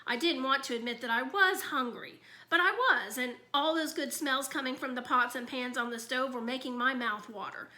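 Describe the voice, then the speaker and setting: A woman reads a children's book aloud, telling the story expressively. Her voice is high and bright, with a crisp, lively edge. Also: moderate pace, few pauses. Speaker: reader.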